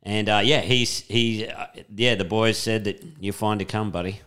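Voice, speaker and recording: Aussie guy on a podcast, lowish smooth voice, relaxed, laughs a lot. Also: moderate pace. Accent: Australian. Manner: easygoing, encouraging, laughs often. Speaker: podcast co-host. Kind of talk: casual chat.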